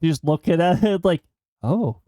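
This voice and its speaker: A man's voice: on the high side, lively intonation, moderate pace, darkish tone, no echo, studio quality. A man casually commenting as he streams a role-playing game, chatty and joking, sometimes reading game lines aloud.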